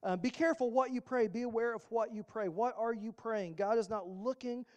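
A male pastor giving a sermon in a relaxed, conversational way, slipping in humorous asides. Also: very high-pitched, brisk, dull audio.

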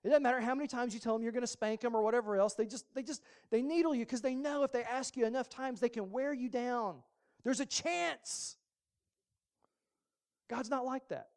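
A male pastor giving a sermon in a relaxed, conversational way, slipping in humorous asides. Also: very high voice, quick pace, few pauses, clear, resonant tone.

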